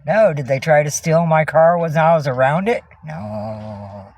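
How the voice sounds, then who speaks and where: Fairly quick and low-pitched, a woman's voice shifts between profane, angry ranting at her livestream viewers and tender baby talk to her cats. She's broadcasting a casual stream from inside a minivan.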